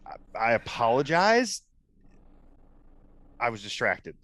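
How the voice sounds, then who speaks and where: A man's voice: mid-range voice, very animated, takes it slowly, fairly bright tone, no echo. A man playing a flustered, bluffing hunter. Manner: evasive, rambling excuses. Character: flustered male monster-hunter bluffing a policeman.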